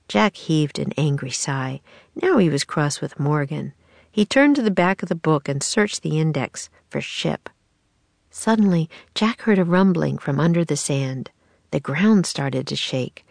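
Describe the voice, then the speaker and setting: A woman narrating a children's storybook in a steady, measured way. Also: low voice, creaky, no echo. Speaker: audiobook narrator.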